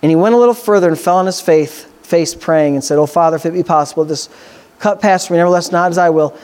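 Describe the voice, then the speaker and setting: A man delivers a sermon. He reads scripture slowly and carefully. He then builds into loud, excited exhortation, with his voice climbing. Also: a little high. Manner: swings from slow scripture reading to loud excited preaching. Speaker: preacher.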